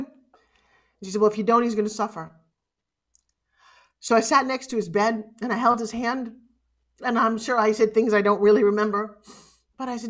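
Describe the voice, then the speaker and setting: A woman's voice: on the high side, steady tone, normal speed, pauses often. A middle-aged woman giving a heartfelt motivational keynote speech, urging her audience and tearful at times. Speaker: motivational speaker. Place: conference stage.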